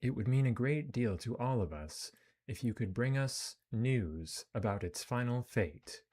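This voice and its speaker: A man's voice: medium pitch, lively intonation, a little slow, darkish tone, pitched above the performer's own voice. A man doing a lyrical, earnest mystic stranger. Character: mysterious soft-spoken male psychic wanderer.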